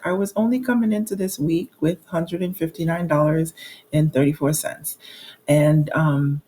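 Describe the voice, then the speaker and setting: A woman's voice: lowish voice, normal speed, mellow. A woman in her forties talking candidly through her monthly bills, reading out amounts and laughing at her own troubles. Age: 40s. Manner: reads out bill amounts with frequent restarts and fillers. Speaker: budgeting vlogger. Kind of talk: casual budget walkthrough.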